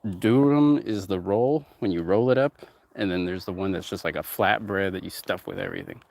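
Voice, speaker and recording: A man's voice: sits low, moderate pace, vocal fry, a little mellow, dry recording. A man who runs a music production company, talking in a loose, rambling way, drifting between topics and swearing freely. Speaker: music producer and label owner. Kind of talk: rambling casual talk, heavy swearing.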